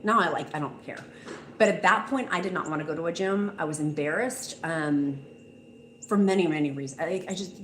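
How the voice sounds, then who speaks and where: Lady on a home livestream, chatty and gushing, lowish voice, roomy echo. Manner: gushing, chatty, reads viewer comments aloud. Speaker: host of a live weight loss stream. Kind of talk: casual live-stream chat reading comments. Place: room at home. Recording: echoey room, faint noise.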